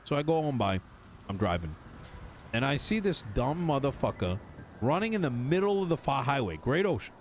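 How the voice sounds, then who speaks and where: Animated man telling a wild story. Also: medium pitch, moderate pace, slight background noise. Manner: animated, acts out other people's lines while telling a story; swears casually. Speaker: mechanic and tow driver in a role-play server. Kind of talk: casual in-character storytelling.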